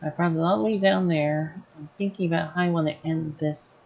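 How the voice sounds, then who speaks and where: A woman running a casual live software tutorial, thinking aloud as she works. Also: sits low, steady tone, fairly quick, creaky, lo-fi sound. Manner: thinking aloud while working, casual and chatty. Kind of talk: live screen-recorded tutorial.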